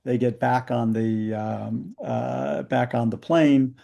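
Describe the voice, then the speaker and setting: Gravelly guy talking through his book slides on a video call, lots of uh and you know, mellow tone. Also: mid-range voice, fairly even intonation, slow pace. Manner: frequent fillers, narrating history. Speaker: book author. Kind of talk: book talk presenting slides.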